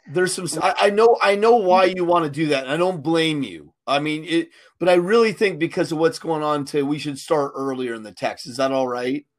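A man's voice: on the high side, a little fast, hardly any pauses. A middle-aged man, a pastor co-hosting a podcast, talking casually and earnestly, with many fillers and restarts. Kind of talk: casual podcast Bible discussion.

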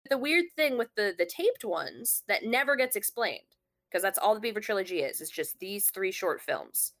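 A woman's voice: mid-range voice, lively intonation, normal speed, fairly bright tone. A woman in casual conversation, telling a long story with many fillers and restarts. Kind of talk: casual chat.

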